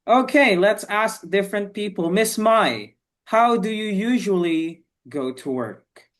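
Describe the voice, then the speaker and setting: A teacher runs an online English class over a video call, with a voice at a middling pitch. The manner is patient and encouraging, full of quick praise as students answer. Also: animated, a bit bright. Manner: encouraging, repeats "okay, very good".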